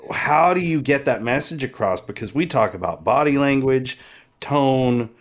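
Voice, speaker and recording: A man's voice: medium pitch, lively intonation, normal speed. A man co-hosting a podcast, thinking aloud in casual, rambling talk with many fillers. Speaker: podcast co-host. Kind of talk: casual chat.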